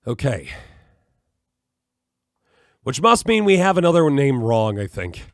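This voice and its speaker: A man's voice: medium pitch, very animated, slow pace, no echo, clean studio sound. A man streaming a video game, puzzling things out aloud and musing to himself as he plays. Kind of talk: live gameplay commentary.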